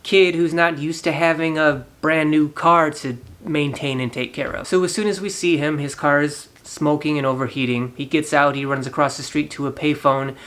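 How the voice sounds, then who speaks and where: A man's voice: on the high side, fairly even intonation, moderate pace, few pauses, fairly bright tone. A man hosting a casual movie review, retelling the plot animatedly, laughing often and acting out the characters. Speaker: movie reviewer, channel host.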